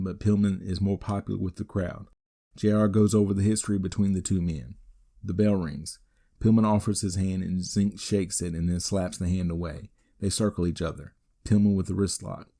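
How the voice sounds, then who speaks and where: A man hosting a wrestling podcast, giving a steady, matter-of-fact play-by-play recap with the odd dry aside. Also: low voice. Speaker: podcast host.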